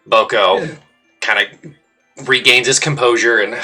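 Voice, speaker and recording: A man's voice: fairly low pitch, steady tone, moderate pace, sharp tone, faint music behind. A man narrating as the game master of a tabletop game, describing scenes in a loose, filler-filled way.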